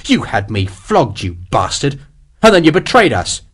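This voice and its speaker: A hard, vengeful soldier snarling threats at a traitor, as a male narrator plays him. His delivery is forceful with lively rises in pitch. An audiobook hero in a cold rage. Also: moderate pace, breathy edge, heavily acted. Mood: furious.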